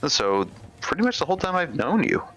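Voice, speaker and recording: A man's voice: on the high side, very animated, fairly quick, fairly bright tone, soft background music, low-quality recording. A man co-hosting a live game stream, trading easygoing, self-deprecating banter. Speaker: stream co-host and commentator. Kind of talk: casual live-stream commentary.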